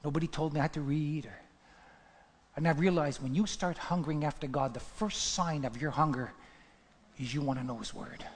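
A male pastor preaching a sermon, emphatic, repeating his key phrases and swinging from hushed to loud. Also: a little high, a little fast, slightly rough. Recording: long hall reverb.

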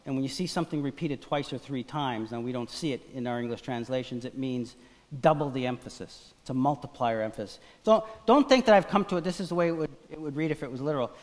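A pastor preaching a sermon in an animated style, swinging between loud emphasis and quiet asides. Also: male voice, medium pitch, quick pace, in a large hall. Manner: animated preaching, acts out voices of biblical figures.

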